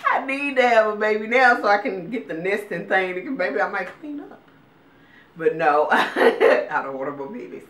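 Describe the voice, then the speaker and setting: A woman's voice: low-pitched, fairly bright tone, reverberant, recorded from a distance, a little hiss or hum. A woman, telling stories casually to her viewers, acting out quotes with big jumps in voice and frequent laughs. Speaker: vlogger giving a weight update.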